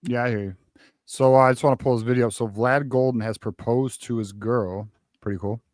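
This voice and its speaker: A man hosting a sports call-in show, relaxed and steering the talk between topics. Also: mid-range voice, brisk, no echo, clean studio sound.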